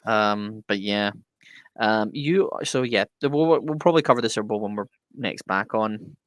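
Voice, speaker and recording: Brief: male podcast co-host, jokey and excitable, casual sports talk, dead-dry sound. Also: on the low side, no echo. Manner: enthusiastic, quick to joke.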